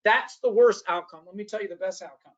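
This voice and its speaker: A man's voice: high-pitched, a little fast, muffled recording. A man presenting a training workshop in a lecture style. He talks animatedly, often restarts his sentences and acts out the voices of the people he quotes.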